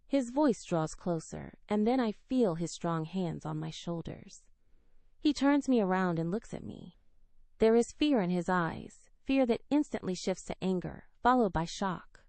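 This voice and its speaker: A woman narrating a first-person romance story with an emotional, expressive delivery. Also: medium pitch, measured pace, no room sound. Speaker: audiobook narrator.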